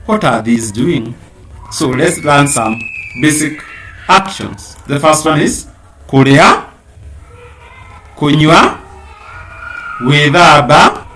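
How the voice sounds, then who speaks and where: A male teacher leading a live-streamed language lesson at an unhurried, deliberate pace. He draws out each new word and says it again and again so students can follow. His voice sits at a middling pitch for a man. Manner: slow, repeats words for learners to echo; drawls out target words louder and higher.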